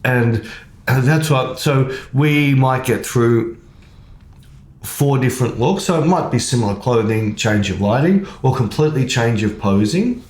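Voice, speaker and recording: Man, casual podcast chat, mid-pitched, animated, roomy echo. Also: measured pace. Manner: chatty, animated, acts out quoted lines. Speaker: photographer and podcast co-host. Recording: echoey room.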